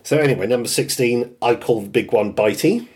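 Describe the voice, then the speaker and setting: A British man hosting a casual podcast, talking at a middling pitch. He is chatty and breaks into laughs as he runs down a list of favourite moments. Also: fairly quick, a little mellow. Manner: chatty, laughs often while listing quotes. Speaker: podcast host. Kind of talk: casual chat.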